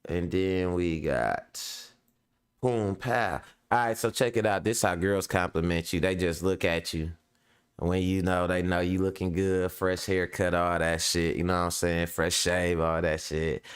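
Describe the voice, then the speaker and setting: Laid-back slangy man with a smooth low voice. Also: fairly even intonation, measured pace. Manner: laid-back, slangy, laughs often, repeats "you know what I'm saying". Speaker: show host. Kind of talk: casual monologue to a live audience.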